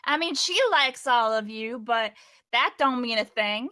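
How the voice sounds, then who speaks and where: A woman's voice: fairly high pitch, a little slow, pushed and bright, dry recording. A woman voicing a cheerful, childlike young woman in a tabletop game, chirpy, giggly and eager to please. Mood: earnest.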